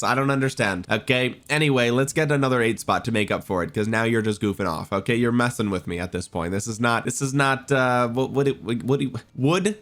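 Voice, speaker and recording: Young male gaming creator, still getting over a cold, hyped and chatty, moves from complaints to whoops. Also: mid-range voice. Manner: excitable, talks to viewers, swings from griping to cheering. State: recovering from a cold. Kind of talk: gameplay commentary.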